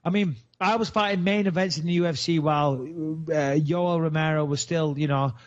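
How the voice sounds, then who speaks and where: A man's voice: a little high, steady tone, normal speed. A man from England, hosting a podcast in brash, boastful, swearing banter. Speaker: podcast host. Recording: dull lo-fi sound.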